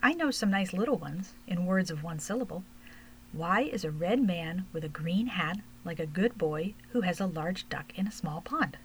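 A woman reading aloud as a forward, quick-witted young gnome boy who rambles eagerly through his storybook riddles. The voice sits fairly low and even. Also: slight background noise, poor audio. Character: young male gnome, cocky chatterbox.

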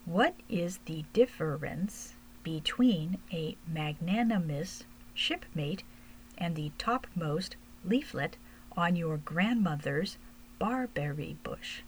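A woman's voice: fairly low pitch, animated, brisk, a little hiss or hum, close to an everyday voice, low-quality recording. A woman voicing a cocky, chatty young male gnome in a storybook reading, rambling eagerly.

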